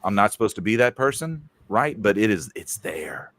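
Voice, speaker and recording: Deep-voiced, candid man chatting. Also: sing-song, normal speed, fairly bright tone, slight background noise. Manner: candid, confessional. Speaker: podcast co-host and father. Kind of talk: casual chat.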